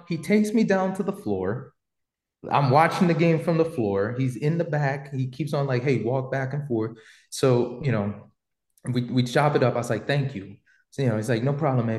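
A man hosts a podcast and tells a story in loose, slangy talk, with lots of "you know" and "like." His pitch sits right in the middle. The room around him gives his voice a noticeable echo. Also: darkish tone. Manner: slangy, rambling storyteller with many fillers. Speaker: podcast host. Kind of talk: casual storytelling chat.

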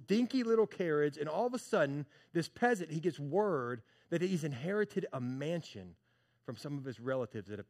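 A pastor delivering a sermon, his voice sitting a touch high for a man. He talks to the congregation like friends, then drops to a hush or climbs into loud, animated bursts. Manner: animated preaching, swings from hushed to loud; conversational, addresses congregation as church and y'all.

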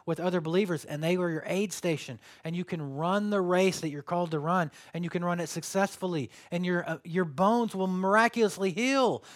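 A male pastor giving a sermon, telling stories with sudden loud bursts and quiet drops. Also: high voice.

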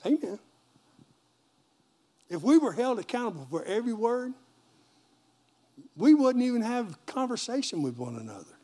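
A man's voice: extremely high pitch, very animated, normal speed, pauses often, mellow. A man pastor, preaching a sermon in a folksy call-and-response manner and joking with the congregation.

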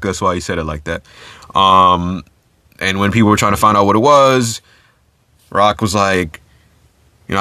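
A man's voice: on the low side, brisk, pushed and bright, no room sound. A man hosting his own podcast alone, talking casually with lots of fillers and restarts. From United States. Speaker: podcast host. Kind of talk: solo podcast commentary.

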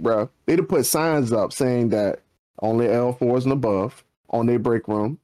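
A man's voice: fairly high pitch, a little mellow. A man, co-hosting a casual podcast and ranting with slang, his voice leaping up for emphasis. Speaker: podcast co-host.

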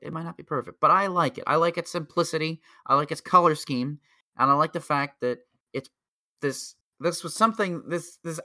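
A man co-hosting a podcast, chatting casually in a rambling way with lots of filler words and excited laughter. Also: mid-range voice, no room sound, studio quality. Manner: excitable, laughs at own jokes. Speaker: podcast co-host. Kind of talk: casual chat.

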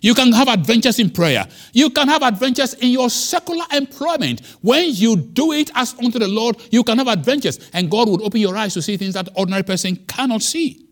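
A man preaching a sermon as pastor, emphatic, with wide swings in pitch and loudness. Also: animated, a little fast.

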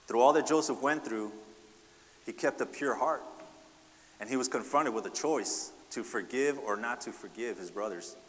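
A man's voice: mid-range voice, normal speed, long reverb tail. A man preaching a sermon, asking the congregation rhetorical questions and often adding "right?". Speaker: pastor.

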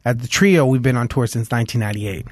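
A man from Los Angeles, a guest musician, chatting in an interview and telling stories in an animated way with many "like"s. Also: mid-range voice, fast talker, no room sound, studio quality. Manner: animated storyteller, heavy on "like", hums tunes aloud. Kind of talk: casual interview chat.

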